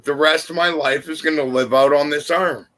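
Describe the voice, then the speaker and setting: Give me an earnest man in a casual chat with a slightly high voice. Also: fairly even intonation, fairly bright tone. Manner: earnest, unhurried storytelling. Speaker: live chat panelist.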